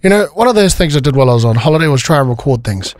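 A man hosting a radio show, telling stories in animated, casual banter and breaking into laughter. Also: mid-range voice, very fast, no room sound, clean studio sound. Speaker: radio host.

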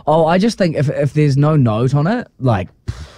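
A man's voice: fairly high pitch, sing-song, normal speed, mellow, no echo. A man co-hosting a radio show, playful and cheeky, often laughing as he talks. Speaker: radio co-host. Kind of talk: radio drive-show banter. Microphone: studio microphone.

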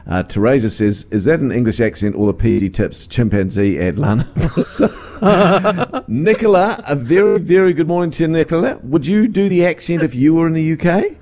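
A man's voice: fairly high pitch, expressive, fairly quick, mellow. A man hosting a breakfast radio show, teasing his co-host and laughing often. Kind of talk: casual radio banter.

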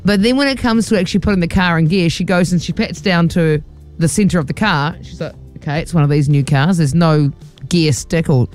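A woman's voice: fairly low pitch, brisk, darkish tone, soft background music. A woman, co-hosting a radio show and telling a story with acted-out quotes. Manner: chatty storyteller, acts out quotes. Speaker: radio co-host. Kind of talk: casual radio chat.

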